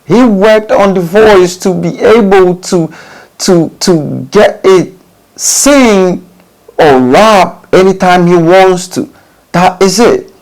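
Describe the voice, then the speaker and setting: A man's voice: sits high, slow, a little mellow, rough recording. A man hosting a studio channel, giving casual advice to recording artists, with emphatic rhetorical questions and many restarted phrases. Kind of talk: casual talk to camera.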